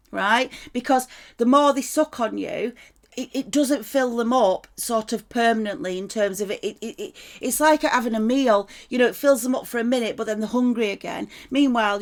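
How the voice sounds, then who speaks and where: A woman talking through a tarot reading in a loose, conversational way, with a gravelly fry in her voice. She keeps checking in with her listener and drops swear words without a pause. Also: a little high. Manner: chatty, keeps asking "right?", swears freely. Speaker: tarot reader. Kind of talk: casual spoken tarot reading.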